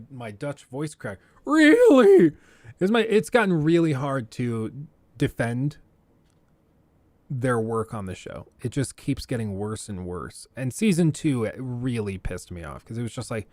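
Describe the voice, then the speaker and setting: A man hosting a gaming livestream, giving casual, opinionated commentary with animated outbursts into a close desk mic. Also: mid-range voice, dry recording.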